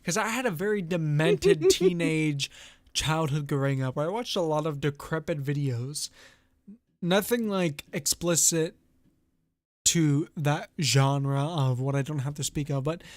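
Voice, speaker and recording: Casting note: man streamer, slightly high voice, dry close sound, rambling storyteller. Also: lively intonation, a little slow, no room sound. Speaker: streamer host. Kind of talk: casual chat on a live stream.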